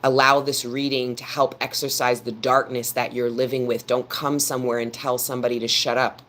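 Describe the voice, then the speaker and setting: A man's voice: mid-range voice, little pitch movement, a little fast, a bit bright. A man giving a live tarot reading, talking earnestly and preachily straight to his viewers and repeating phrases for emphasis. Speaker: tarot reader.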